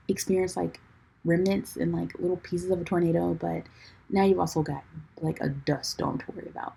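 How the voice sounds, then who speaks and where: Low, husky-voiced woman chatting casually. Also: steady tone, brisk, dark tone, low-quality recording. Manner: chatty, peppered with "like", calls listeners "y'all"; laughs through her own story. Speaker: podcast host. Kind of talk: casual storytelling chat.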